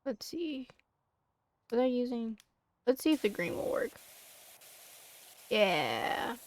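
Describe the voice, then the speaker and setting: A woman's voice: fairly high pitch, very animated, takes it slowly. A woman streaming a game, chatting casually and muttering to herself as she plays. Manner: mutters to herself while playing.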